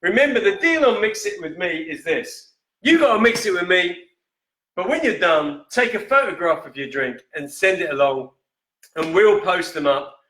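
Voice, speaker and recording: A man hosting a live-stream whisky quiz in a casual, chatty way, reading each question slowly and repeating it. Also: high-pitched, animated, bright, forceful tone. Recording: echoey room.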